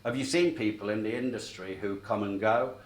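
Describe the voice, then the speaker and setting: A man's voice: fairly low pitch, brisk. A middle-aged man giving a sales training talk, telling stories and checking in with the room as he goes. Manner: chatty, checks in with the room often. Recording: echoey room, mic at a distance.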